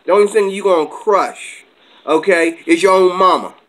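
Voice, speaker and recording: Guy ranting on his channel, kinda high voice, fired up and argumentative. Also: normal speed, fairly bright tone, low-quality recording. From America. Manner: agitated, combative, jumps between topics. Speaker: channel host. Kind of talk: heated vlog rant.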